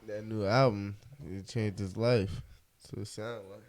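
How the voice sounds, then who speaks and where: A man's voice: on the low side, fairly even intonation, a little mellow. A man co-hosting a podcast, chiming in with short casual reactions. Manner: slow, short reactive remarks. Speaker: podcast co-host. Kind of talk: casual chat.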